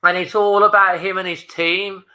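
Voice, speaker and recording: A man's voice: high voice, flat delivery, normal speed, pushed and bright. A man hosting a live fan watchalong, speaking casually and emotionally as he holds back tears and repeats himself. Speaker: fan channel host. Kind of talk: live match watchalong commentary.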